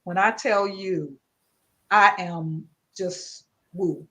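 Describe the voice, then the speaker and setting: A woman's voice: on the low side, very slow, sharp tone. A woman hosting a livestream talk show, effusive and emotional as she thanks her guest and greets viewers by name. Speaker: host.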